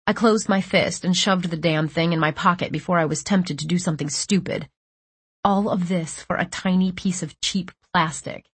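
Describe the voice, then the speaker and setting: A woman reading first-person fiction aloud, with tense and measured storytelling. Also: fairly low pitch, slightly rough, no room sound. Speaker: audiobook narrator.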